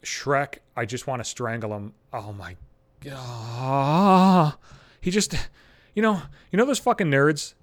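A blunt young man rants into the mic, swearing constantly as he tells his stories. His voice sits a little higher than most men's and bounces around as he gets worked up. The sound is dry and close, with no room around it. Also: moderate pace, no echo. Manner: blunt, heavy swearing, animated. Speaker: podcast host. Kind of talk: profane storytelling rant.

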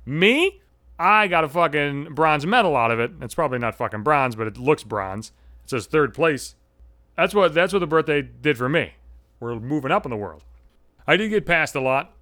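A man's voice: fairly high pitch, sing-song, normal speed, pushed and bright, no room sound, studio quality. Brash, foul-mouthed man in his thirties. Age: 30s. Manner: profane, brash, sardonic ranting. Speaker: podcast host. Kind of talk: solo podcast storytelling.

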